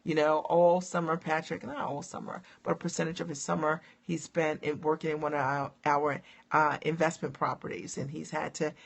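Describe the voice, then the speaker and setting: Chatty woman coach with gravelly voice. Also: low-pitched, level tone, normal speed, few pauses. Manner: upbeat, chatty, many fillers and asides. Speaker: coach hosting a live stream. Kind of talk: casual live-stream chat with viewers.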